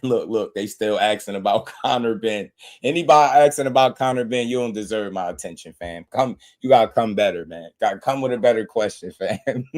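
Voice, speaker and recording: A man with a lowish, darkish voice, talking a little fast, hosts a live boxing stream. He trash-talks and mocks his chat viewers, laughing often and repeating their names as he taunts them.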